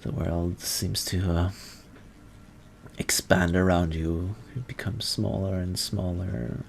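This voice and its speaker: A man narrating a tabletop role-playing game as game master, in second person and with halting pauses and fillers. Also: sits low, little pitch movement, gravelly, a little hiss or hum.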